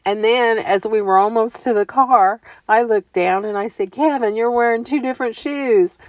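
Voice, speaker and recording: An older woman telling homey stories in a chatty, casual voiceover, growing animated as she recounts things. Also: fairly high pitch, moderate pace, no room sound. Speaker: vlogger. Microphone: close mic voiceover.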